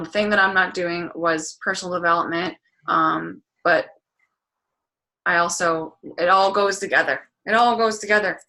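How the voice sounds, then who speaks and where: A woman's voice: lowish voice, sharp tone. A woman coaching a group over a video call, talking candidly and bluntly, with plenty of "like" and some swearing. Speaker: fitness and business coach hosting a group call. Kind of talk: casual motivational talk.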